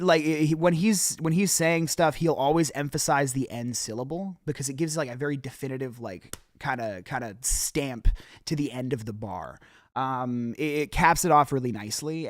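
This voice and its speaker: A young man hosts a show in a mid-range voice, recorded with clean studio sound and no room echo. He gives casual, encouraging feedback on rap submissions, rambling, restarting often, and swearing.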